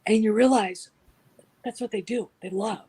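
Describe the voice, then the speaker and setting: A woman with a husky, breathy voice tells stories in casual chat. She is animated and often drops into a soft whisper. Her pitch sits in the middle. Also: normal speed, poor audio.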